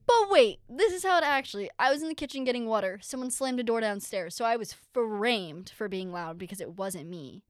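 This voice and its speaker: A young woman co-hosting a podcast with her mother, animated, cutting in and swearing casually. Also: fairly high pitch, brisk, hardly any pauses, dry recording, studio quality. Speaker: podcast co-host, daughter. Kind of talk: casual chat.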